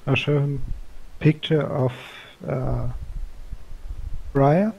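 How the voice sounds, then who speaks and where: A man taking his turn in a tabletop game, hesitant and full of fillers. His voice is gravelly and dark, and he speaks very slowly. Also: mid-range voice, fairly even intonation, dull audio. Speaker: player. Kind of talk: casual tabletop game play.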